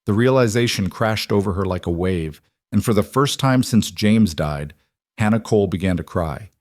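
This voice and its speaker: A man narrating a western story in a measured, dramatic storytelling manner. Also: lowish voice, no room sound, clean studio sound. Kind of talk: scripted narration.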